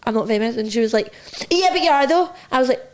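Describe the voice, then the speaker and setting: A young woman with a Scottish accent, co-hosting a podcast and telling lively stories full of acted-out quotes. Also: a little high, fast. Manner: lively storyteller, acts out quotes. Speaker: podcast co-host. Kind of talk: casual chat.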